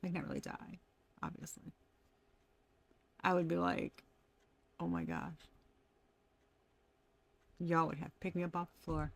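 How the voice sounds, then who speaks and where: A woman's voice: fairly low pitch, level tone, moderate pace, gravelly, long pauses. A woman giving a casual tarot reading, talking animatedly, laughing often and swearing freely. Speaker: tarot reader.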